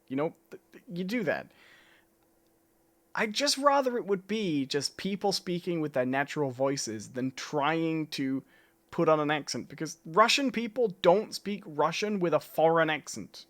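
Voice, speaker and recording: A man's voice: on the high side, expressive, moderate pace, fairly bright tone. A man co-hosting a live stream, chatty and opinionated, often checking in with "you know". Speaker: podcast co-host. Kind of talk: casual live-stream chat.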